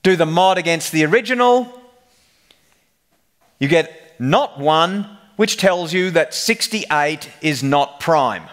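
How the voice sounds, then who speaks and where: A man's voice: on the high side, animated, slow, a bit bright. A man giving a humorous technical conference presentation, telling the story like a joking storyteller. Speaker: conference speaker.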